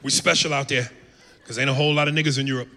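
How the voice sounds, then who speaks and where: Brash American male comic, gravelly and forceful, on a reverberant club stage. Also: medium pitch, fairly even intonation, racing. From United States. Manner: brash, profane, acts out accents. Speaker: stand-up comedian. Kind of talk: stand-up comedy set. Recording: long hall reverb.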